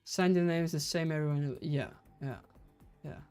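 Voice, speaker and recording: Low-voiced woman hosting a chatty livestream. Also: steady tone, normal speed, mellow, clear, resonant tone, soft background music. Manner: chatty, giggly, trips over words. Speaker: livestream host running a quiz. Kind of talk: casual live-stream chat.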